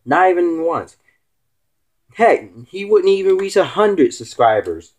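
Big pitch swings mark this man's somewhat slow speech. As a stand-in vlog host, he goes off on a rambling, teasing rant to his viewers, his voice swooping up and down.

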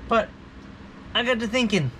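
A man's voice: very high-pitched, animated, normal speed, sharp tone, slight background noise. A man hosting a casual gear review vlog, talking in a jokey, rambling way with self-mocking asides. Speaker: channel host.

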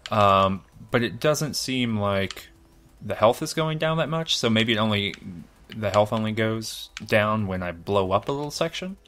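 A man with a lowish, unhurried voice commentates his own video game playthrough. Excitable and self-deprecating, he thinks aloud and cheerfully pokes fun at his own play.

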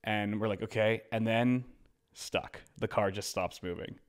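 A young man on a podcast telling a story in a casual, animated way, switching into quoted voices as he goes. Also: lowish voice, measured pace, smooth. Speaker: podcast co-host.

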